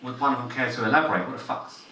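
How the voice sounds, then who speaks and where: A man's voice: mid-range voice, racing, sharp tone, distant mic, slight background noise. A man doing a crude, swearing stand-up story set in a comedy club. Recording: roomy club audio, laughing crowd.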